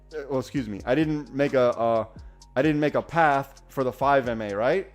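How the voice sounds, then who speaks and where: A man hosting a live trading stream, talking casually and excitedly, often restarting his sentences. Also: medium pitch, moderate pace, soft background music. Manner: enthusiastic, rambling, self-correcting. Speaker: day-trading livestream host.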